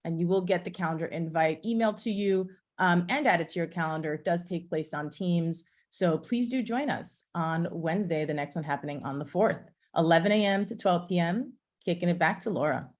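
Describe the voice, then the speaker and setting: A woman's voice: lowish voice, fairly quick, few pauses. A woman presenter on a video call, talking casually and cheerfully and laughing easily. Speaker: presenter, colleague.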